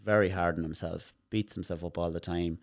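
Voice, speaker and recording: Talking a little fast in a very low voice, this Irish man appears as a therapist guest in a casual interview. Animated and demonstrative, he repeats a word here and there while explaining, and the close, dry sound has no room ambience.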